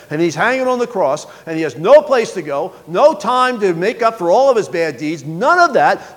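A man preaching a sermon, reading scripture aloud with sharp swings between loud, high bursts and quiet, low passages. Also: big-room sound. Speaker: pastor.

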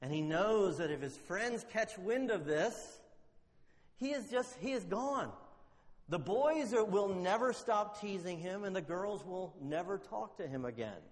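A man preaching a sermon, telling a story and asking rhetorical questions, slowing down to stress key words. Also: a little high. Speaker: pastor. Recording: long hall reverb.

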